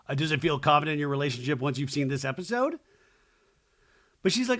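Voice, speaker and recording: A man's voice: fairly high pitch, lively intonation, fairly quick, fairly bright tone. A young adult man hosting a solo podcast, sarcastically recapping a reality show in casual chat, swearing freely and mocking people in exaggerated quoted voices.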